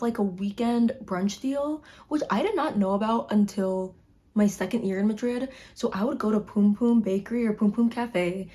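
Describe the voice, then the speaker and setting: In a wintry home room, a Chicago woman in her twenties films a relaxed talking-head vlog. Her voice sits in the mid range and sounds mellow; her manner is chatty and effervescent, with "like" dropped in again and again.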